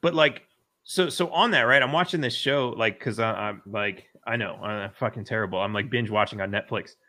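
A man's voice: fairly low pitch, moderate pace, sharp tone. A man hosting a casual political podcast, rambling and swearing, with lots of fillers and restarts. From United States. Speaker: podcast host.

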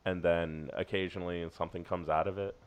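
A man's voice: sits low, level tone, a little fast, clear, resonant tone. A man in his forties, a guest comedian, telling rambling jokey anecdotes in casual podcast chat.

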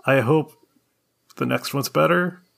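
A man with a gravelly, frying voice chats on a podcast. He rambles easily, leaning on fillers as he thinks aloud. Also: medium pitch, a little slow. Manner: relaxed, rambling, filler-heavy. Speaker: podcast co-host. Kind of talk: casual chat.

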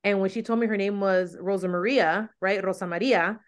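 Chatty woman host, spanish first language, mid pitch, lots of likes and you-knows. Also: steady tone, a little fast. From United States. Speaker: podcast host. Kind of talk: casual chat.

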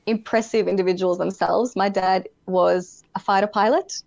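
A woman's voice: mid-range voice, steady tone, normal speed, creaky, darkish tone. Young woman pageant guest chatting on a video call, giggly, says like a lot, muffled lo-fi audio. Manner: chatty, bubbly, laughs often, uses "like" a lot. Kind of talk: casual interview chat.

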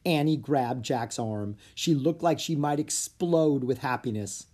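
A narrator reading a children's chapter book aloud with expressive storytelling. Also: mid-range voice, unhurried. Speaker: audiobook narrator.

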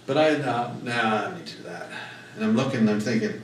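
A man's voice: mid-range voice, sing-song, moderate pace, recorded from a distance, slight background noise. A man preaching a sermon as pastor, telling personal stories in a folksy, emphatic way. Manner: folksy storytelling, emphatic rises on key words. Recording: echoey room mic'd from afar.

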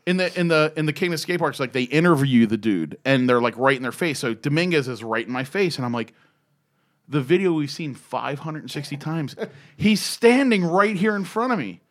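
A man in his fifties telling an excitable, profane story in a casual podcast chat. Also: a little high, a little fast. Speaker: former BMX rider telling a story.

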